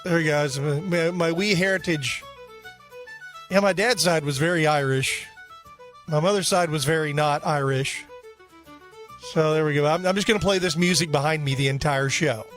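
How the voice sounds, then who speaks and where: A man with a fairly high voice hosts a casual radio show. He rambles and jokes at his own expense while light music plays in the background. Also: moderate pace, fairly bright tone. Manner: joking, rambling, self-mocking. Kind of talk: casual talk radio chat.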